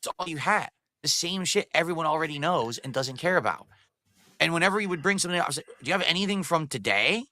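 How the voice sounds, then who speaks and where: Bright-voiced defensive man. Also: fairly high pitch, fast talker, dry recording, studio quality. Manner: defensive, dismissive. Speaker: interview guest. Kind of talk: casual interview talk.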